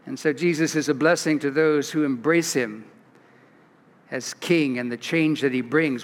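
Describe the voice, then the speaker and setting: A man from California, a pastor giving an expressive storytelling sermon with restarts and asides. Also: on the high side, measured pace. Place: large church. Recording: long church reverb.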